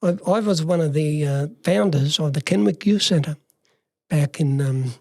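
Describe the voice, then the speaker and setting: A man's voice: on the high side, unhurried, gravelly, dark tone, no echo, studio quality. An older man from regional Western Australia with an Australian accent, a guest telling long stories from his years as a youth worker and acting out the old conversations. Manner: long story told in plain words, acting out past dialogue. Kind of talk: personal storytelling in a conversation.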